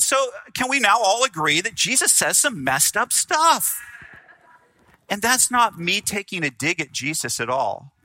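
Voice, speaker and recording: A man preaching a sermon in an animated, conversational way, acting out quotes and asking the listeners questions. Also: medium pitch, low-quality recording. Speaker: pastor.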